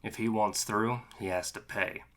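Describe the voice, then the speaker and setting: A man voicing a large, menacing male street thug who speaks in low, clipped threats. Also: fairly even intonation, normal speed, a bit bright, natural voice.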